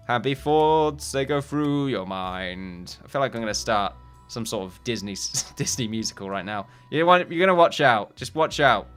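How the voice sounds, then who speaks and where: A man's voice: mid-range voice, sharp tone. A man hosting a let's play, rambling and joking at his own expense in casual commentary. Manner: rambling, self-mocking, jokey. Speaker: gaming channel host.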